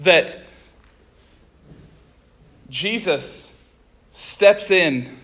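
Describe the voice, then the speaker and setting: Animated high-voiced male preacher. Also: drawn-out words. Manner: conversational, animated retelling with casual asides. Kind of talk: sermon with scripture reading.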